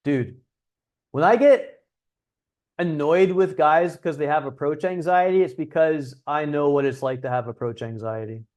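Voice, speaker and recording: A man's voice: a little high, a little slow, a little mellow. A young man hosting a livestream, talking casually and bluntly as a dating coach, with frequent swearing. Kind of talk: livestream talk.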